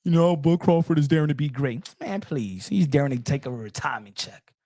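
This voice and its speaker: Animated ranting man, dry sound. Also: fairly high pitch, fairly quick, no room sound. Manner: profane, mocking, animated. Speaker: boxing commentator. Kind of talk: ranting commentary.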